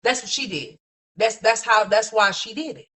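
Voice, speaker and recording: A streamer on a streaming mic gives casual live commentary, bluntly and profanely scolding the person she's reacting to. Her voice is a little high and bright, with a forceful tone, and she talks at a moderate pace.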